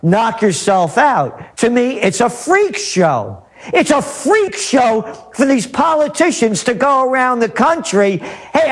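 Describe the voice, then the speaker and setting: A man as a guest on a talk radio interview, ranting emphatically and repeating his points. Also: high voice. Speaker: guest trend forecaster.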